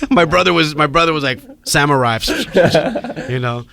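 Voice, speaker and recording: A middle-aged man, a podcast guest telling a story in casual, animated chat and acting out the people in it. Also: fairly high pitch, slow, creaky. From Hawaii. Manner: animated, acts out quoted voices.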